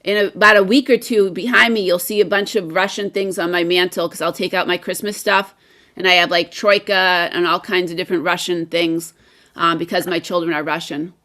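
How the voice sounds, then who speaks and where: A woman's voice: on the low side, steady tone, a little fast, bright, forceful tone. An American woman who teaches English, chatting on a video call in an enthusiastic, rambling way with many fillers. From United States. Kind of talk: casual video-call chat.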